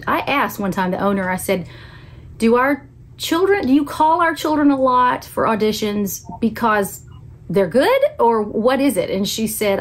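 An older woman hosting an interview, enthusiastic and quick to laugh as she asks questions. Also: medium pitch, slight background noise. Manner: warm, laughs often, enthusiastic. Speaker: host.

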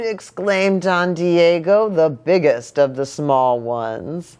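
A woman pastor reading a picture book aloud to children, an animated and playful storyteller. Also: fairly low pitch, slow pace, few pauses, smooth.

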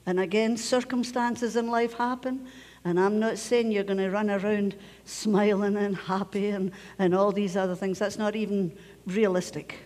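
Scottish lady pastor preaching, middle pitch, repeats herself for emphasis, big echoey church. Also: steady tone, moderate pace, darkish tone. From Scotland. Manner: emphatic, repeats key phrases, drops to a near whisper at times. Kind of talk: sermon. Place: church sanctuary. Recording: long church reverb.

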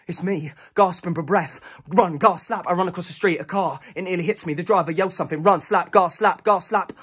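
A frantic young Londoner. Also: male voice, high voice, brisk, a bit bright, husky. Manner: urgent, breathless present-tense storytelling. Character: young man, frantic, racing to his fiancé. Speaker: stage performer. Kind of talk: one-man theatre monologue.

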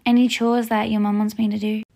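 A woman voicing a strict, bossy elderly grandmother in a toy-game role-play. The voice is croaky, breathy, soft and slow. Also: medium pitch, level tone, close to an everyday voice. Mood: scolding.

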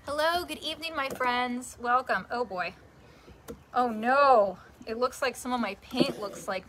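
Chatty high-voiced woman live streaming. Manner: chatty, self-mocking, talks to her dog and viewers. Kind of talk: casual live-stream chat. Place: outdoors at home. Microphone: handheld phone camera. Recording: faint background noise.

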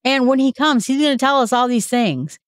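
A woman's voice: sits high, animated, normal speed, no room sound, studio quality, pitched above the performer's own voice. A woman voicing a surprised village woman in a retold scripture story, talking in a casual, wondering way.

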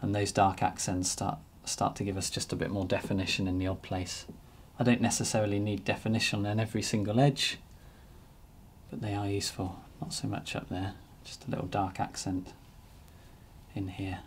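A man narrating a painting demonstration as he works, relaxed and thinking aloud. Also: lowish voice, normal speed, a little hiss or hum. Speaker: painting teacher.

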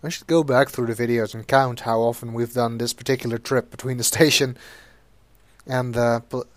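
A man commentating an old cop adventure game as he plays, tossing in dry, wry asides. His voice is mid-pitched, on a close desk mic. The sound is dry. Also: steady tone, moderate pace, dry recording. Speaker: let's play narrator. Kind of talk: game commentary and reading game text.

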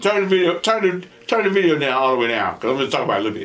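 A young man chats animatedly into a camera mic at his table, his voice sitting a bit high and swinging up and down as he tells a story. He laughs often and slips into other people's voices to act out what they said. Behind him is a faint hiss and quiet room sound. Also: sing-song, racing. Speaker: mukbang host. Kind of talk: casual storytelling while eating.

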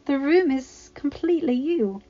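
A quiet young woman speaks softly with a rueful note, as a woman reads her. The recording is slightly dull and lo-fi. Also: sits high, lively intonation, a little slow, pitched above the performer's own voice. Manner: soft, rueful.

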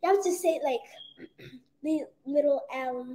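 Young woman, teasing, giggly, high voice, echoey room. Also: unhurried, mellow, slight background noise. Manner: teasing, giggly, corrects pronunciation. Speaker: host's daughter. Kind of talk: casual chat.

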